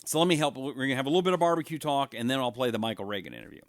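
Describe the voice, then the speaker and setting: A man's voice: medium pitch, lively intonation, racing, dry recording, clean studio sound. A middle-aged man hosting a casual live-stream talk show, rambling, joking and reading out viewer comments. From Washington State, USA.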